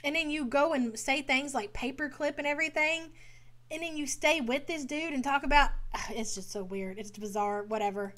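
A woman's voice: high voice, steady tone, normal speed, fairly bright tone. Blunt woman hosting a reaction channel. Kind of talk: casual commentary.

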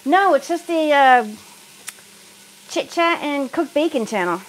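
A middle-aged woman from the United States talks while she cooks in her home kitchen. She is chatty and easygoing, and laughs often as she answers viewers' comments. Her voice sits a little high, with faint sizzling behind it. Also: animated, unhurried, slight background noise, rough recording. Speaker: cooking livestream host. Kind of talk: casual chat while cooking.

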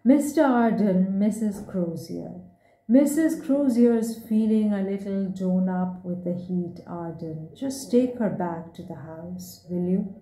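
A woman voicing a brisk, courteous plantation manager who gives practical instructions. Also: high-pitched, mellow. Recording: echoey room.

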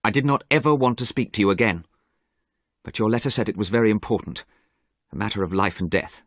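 A man voicing a frightened young scientist who flatly refuses to help an old friend. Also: lowish voice, a little fast, no echo, clean studio sound, voice pushed up. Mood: reluctant. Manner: refusing, tense, fearful.

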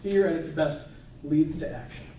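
Male pastor, chatty sermon delivery, warm low-bright tone, roomy distant church sound. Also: animated, normal speed, slight background noise. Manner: conversational, chatty preaching with asides. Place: church sanctuary. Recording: echoey church hall, mic at a distance.

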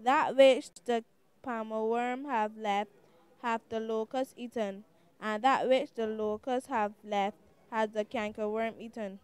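Female student reader, slow formal scripture reading, smooth slightly high voice. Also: fairly even intonation, a little mellow. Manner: careful, measured, old-fashioned wording.

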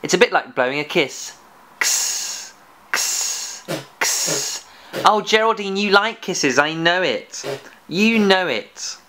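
A man hosting a children's phonics lesson with a puppet, encouraging and praising as he sounds out letters slowly and clearly. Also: high voice, expressive, sharp tone, a little hiss or hum. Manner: encouraging, praising and playfully scolding; slow and exaggerated, sounding out letters. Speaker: phonics teacher and host.

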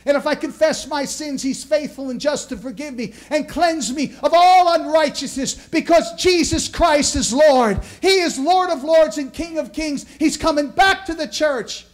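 Pastor, male, New York accent, very high voice, fervent sermon with loud shouts and hushed drops. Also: normal speed, few pauses. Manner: swings between loud shouting peaks and low quiet asides.

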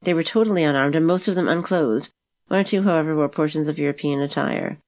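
A woman reads a classic adventure novel aloud as the narrator. Her voice is low and she moves through the text at a quick, steady pace. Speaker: audiobook narrator.

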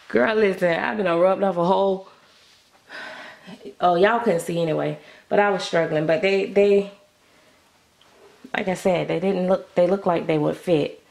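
A middle-aged woman chats away to her viewers in a relaxed, casual way, her lowish voice full of gravelly fry. She is recorded at home on the camera's own mic. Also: unhurried, long pauses, reverberant. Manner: chatty, talks to the viewers. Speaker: doll collector vlogger.

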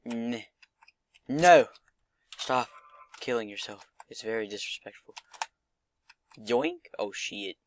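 A man's voice: mid-range voice, measured pace, pauses often. A young man giving casual gameplay commentary, muttering, swearing and mocking himself. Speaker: gaming commentator.

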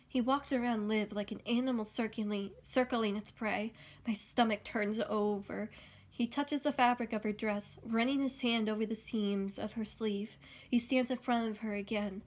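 A woman reading a novel aloud, steady and even, with the occasional slip of the tongue. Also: a little high, normal speed. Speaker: audiobook reader.

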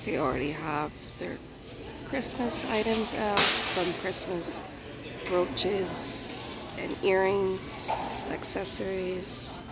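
Woman, young adult, thrift vlogger, slightly muffled from a cold, gravelly, chatty and upbeat. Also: medium pitch, very slow, loud music behind the voice. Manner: chatty, upbeat, addresses viewers directly. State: recovering from a cold, voice a little muffled. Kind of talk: casual vlog narration.

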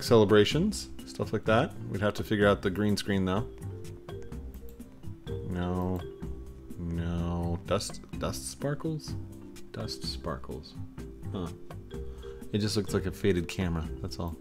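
Man, young adult, slow talker, lively pitch, rambling playful commentary, faint background music. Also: gravelly. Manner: rambling, playful, self-mocking asides. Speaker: gaming video host. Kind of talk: casual commentary while trying camera filters. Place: warm home studio.

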